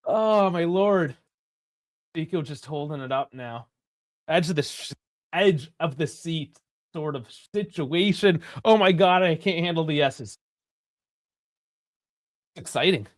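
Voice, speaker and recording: A young man hosting a live football watch-along, chatty and rambling, swearing freely and bursting into shouts at big chances. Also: a little high, unhurried, long pauses, no room sound, studio quality. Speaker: live stream host.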